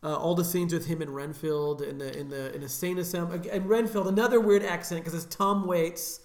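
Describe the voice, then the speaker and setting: A man talks through a film on a podcast in an easy, rambling way, his voice sitting a touch high. He laughs often and leans on fillers. The room gives his voice a noticeable echo. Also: steady tone, brisk. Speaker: podcast co-host. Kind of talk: casual film discussion.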